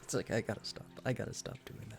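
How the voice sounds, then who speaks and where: A tired livestream host rambling in soft-spoken, casual ASMR stream chat. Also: fast, background noise.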